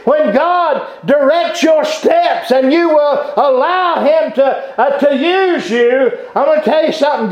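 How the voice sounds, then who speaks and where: Man, preacher, very high voice, fervent with halting restarts, echoey room. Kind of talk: sermon. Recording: echoey room, dull lo-fi sound.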